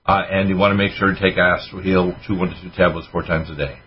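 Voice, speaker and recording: A man hosting a health call-in radio show as a doctor, quickly rattling off lists of supplements and advice. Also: low-pitched, steady tone, a little hiss or hum. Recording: muffled radio broadcast with music.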